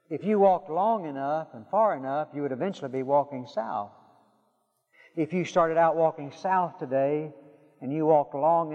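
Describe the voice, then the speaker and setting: Preacher in a reverberant hall. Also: male voice, a little high. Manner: storytelling with dramatic pauses, drops to a hush for emphasis. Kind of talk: sermon. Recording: dull sound with long hall reverb.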